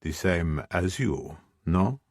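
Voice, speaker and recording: A man's voice: sits low, animated, slow, no room sound, studio quality, exaggerated voice. A man voicing a big, intimidating mafia man who speaks coolly and unbothered.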